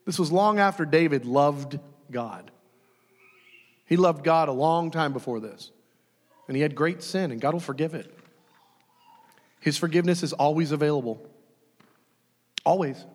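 A man preaching a sermon in a lively, conversational way, often acting out quoted voices with sudden shouts. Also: on the high side, moderate pace, long pauses, in a large hall. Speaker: pastor.

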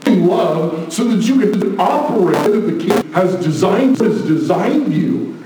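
A man preaching a sermon, passionate, moving between hushed asides and loud exclamations. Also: sits high, animated, measured pace, music in the background. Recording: very echoey room, mic at a distance.

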